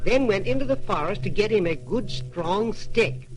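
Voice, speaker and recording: High-voiced male storybook narrator. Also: normal speed, rough recording. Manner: lively, rhythmic fairy-tale telling. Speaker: audiobook narrator. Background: background music.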